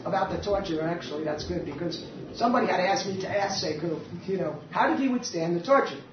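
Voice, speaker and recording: A woman's voice: on the low side, expressive, quick pace. A woman activist speaking bluntly and defiantly at a public meeting, telling stories with animation. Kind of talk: impassioned live talk. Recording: echoey hall, distant mic, dull sound, faint hiss.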